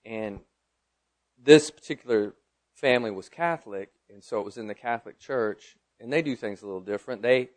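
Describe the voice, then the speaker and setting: A middle-aged man preaching a sermon, moving from loud declarations to quiet personal storytelling. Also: medium pitch, fairly quick. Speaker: pastor.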